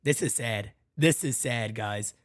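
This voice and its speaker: A man's voice: mid-range voice, measured pace, no room sound. Ranting man podcast host, dry sound. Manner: heated, blunt, profane ranting; talks straight to listeners as "guys" and "folks". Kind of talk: fan rant podcast.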